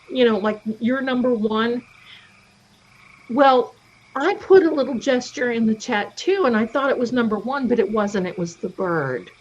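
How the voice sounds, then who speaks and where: A middle-aged woman hosting a livestream, chatting casually and telling stories. She acts out the voices of the people she quotes. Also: on the high side. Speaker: livestream host. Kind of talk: casual storytelling chat. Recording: dull lo-fi stream audio.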